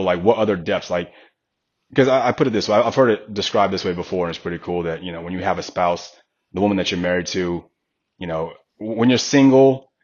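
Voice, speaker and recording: On a lo-fi recording, a fitness coach in his thirties with a voice on the low side talks casually on a podcast. Animated as he tells stories, he imitates the voices of the people he quotes.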